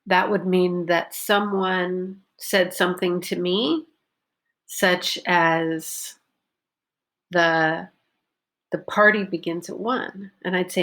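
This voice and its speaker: A woman teaching pronunciation, talking slowly and carefully and repeating example sentences. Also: on the low side, little pitch movement, a bit bright. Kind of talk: unscripted pronunciation lesson.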